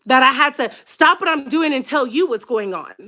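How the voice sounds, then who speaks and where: A woman in her thirties ranting to camera as a vlogger, angry and tearful, shouting at times. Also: high-pitched, expressive, normal speed. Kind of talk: emotional rant to camera.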